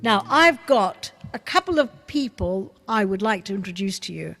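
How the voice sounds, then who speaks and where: A woman hosting an online show over a video call, chatting warmly and gushingly with a young guest. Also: medium pitch, animated, normal speed, big-room sound, soft background music. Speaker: host. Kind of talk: casual chat on a video call.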